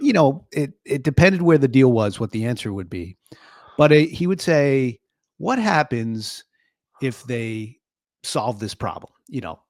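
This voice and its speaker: A man co-hosting a podcast, calmly explaining ideas in casual chat with fillers. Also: mid-range voice, no echo, studio quality. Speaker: podcast co-host, sales consultant.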